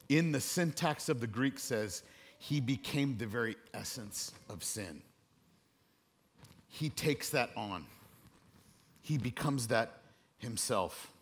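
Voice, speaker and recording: A man preaching a sermon to a room, dropping to a hush and then rising loud and high. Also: expressive, slow pace, long pauses, slightly rough. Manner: dramatic swings between hushed and loud, preaching to a room. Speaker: pastor.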